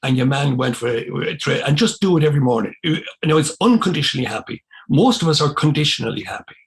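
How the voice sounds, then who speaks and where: Speaking quickly in a fairly high voice, an elderly Irishman who once served as a missionary priest recounts his life on a podcast. He brings the conversation alive by performing the exchanges he recalls.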